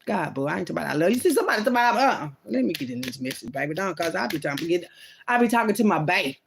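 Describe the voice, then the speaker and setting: A woman's voice: fairly low pitch, lively intonation, very fast, vocal fry, a little hiss or hum. A woman vlogger in a loose, profane, rambling monologue about faith, talking straight to her viewers. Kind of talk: casual rambling spiritual monologue.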